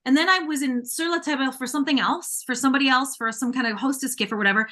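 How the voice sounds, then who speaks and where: A woman's voice: sits high, quick pace. A woman co-hosting a casual live chat, telling stories with lots of quoted asides. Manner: animated storytelling with quoted asides. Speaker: co-host.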